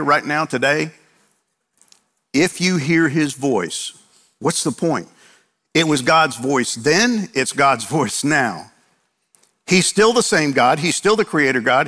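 A man's voice: medium pitch, pushed and bright. A male preacher delivering a sermon, driving points home with repeated phrases and rhetorical questions he answers himself. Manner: emphatic repetition and rhetorical questions. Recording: long hall reverb.

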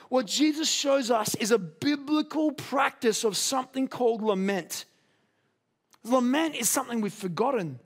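A man preaching a sermon in an earnest, conversational way, raising his voice to a shout for emphasis. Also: very high-pitched, a little slow. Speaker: pastor.

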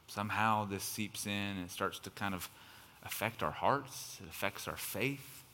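A male pastor with a fairly low, animated voice preaches at a moderate pace, conversational and impassioned, using fillers like "kind of" and sometimes building to emphatic outbursts. His voice sounds pushed and bright, with a little hiss or hum.

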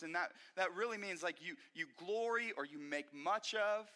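High, bright-voiced preaching man. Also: normal speed, hardly any pauses. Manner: animated and emphatic, frequent restarts. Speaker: pastor. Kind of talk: sermon. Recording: echoey hall reverb.

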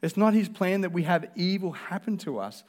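A man's voice: high voice, animated, moderate pace, a little mellow. A male pastor, preaching a sermon in an earnest, conversational way.

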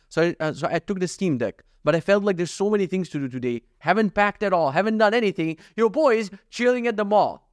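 A man's voice: sits high, animated, fast talker, no echo, studio quality. A young man hosting a solo podcast, rambling through jokey, profane stories. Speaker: podcast host. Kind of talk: casual solo podcast monologue.

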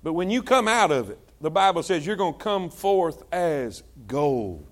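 A man preaching a sermon in a high voice that climbs and dips constantly. He shouts his points, then drops to hushed asides, and keeps calling out to the congregation for responses. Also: big pitch swings, normal speed. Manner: swings between shouted exhortation and low, hushed asides. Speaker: pastor.

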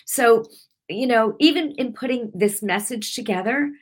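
A woman's voice: a little high, a little slow. A middle-aged woman gives a heartfelt sermon on her broadcast, weaving in personal testimony. She talks in an emotional, rambling way, restarting her sentences often. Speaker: preacher hosting a weekly broadcast.

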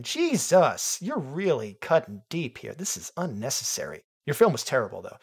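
A man doing a comedic film review monologue, deadpan and sarcastic with rambling asides. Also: medium pitch, moderate pace, hardly any pauses, husky.

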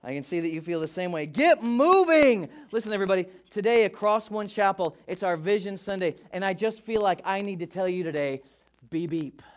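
A male pastor preaching a sermon to a church, telling funny stories in a lively way. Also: sits high, fairly quick. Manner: animated, humorous storytelling. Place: church auditorium.

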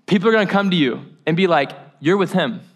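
A preacher speaking as a calm, knowing Jesus. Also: male voice, sits high, quick pace. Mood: solemn.

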